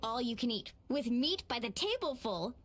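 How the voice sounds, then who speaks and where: A woman voicing a cheerful, energetic young woman in a game, chatty and enthusiastic. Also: fairly high pitch, moderate pace. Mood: cheery. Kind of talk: game voice acting. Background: game music.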